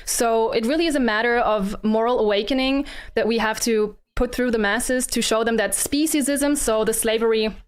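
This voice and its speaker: A woman's voice: fairly high pitch, clear, resonant tone. Earnest, moralizing woman debater. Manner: earnest, moralizing, pauses with ums. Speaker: vegan debater. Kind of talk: formal debate argument.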